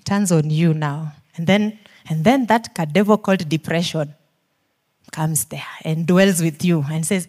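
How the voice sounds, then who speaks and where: A deep, slightly mellow voice belongs to a Kenyan-accented woman preacher who speaks a little slowly. She pleads sincerely, poses question after question, and alternates between near-whispers and emphatic force.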